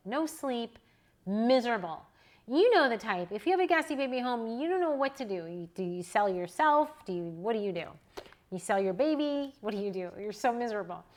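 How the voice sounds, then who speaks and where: Chatty woman in her forties telling stories. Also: on the high side. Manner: animated, chatty, personal anecdotes. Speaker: newborn photographer and educator. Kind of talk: casual storytelling to a live audience.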